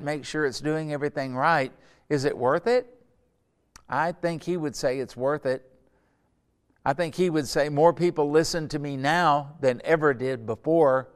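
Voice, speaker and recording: A middle-aged male pastor teaches a Sunday school Bible lesson in a slightly high, clean voice. He's earnest and conversational, building up to emphatic points.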